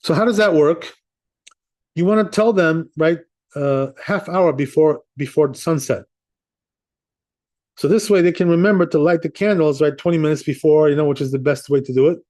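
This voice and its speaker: Man, rabbi, casual law class, chatty, slightly high voice. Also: moderate pace, a little mellow. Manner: conversational, sprinkles in "right?" and "you know", chuckles often. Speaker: rabbi teaching Jewish law.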